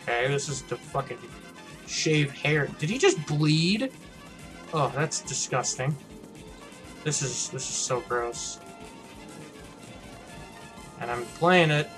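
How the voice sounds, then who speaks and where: A man's voice: on the high side, expressive, takes it slowly, pauses often, fairly bright tone, soft background music. Blunt, swearing young-sounding male game commentator. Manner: blunt, profane, mocking. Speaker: gaming channel host. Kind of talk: casual gameplay commentary.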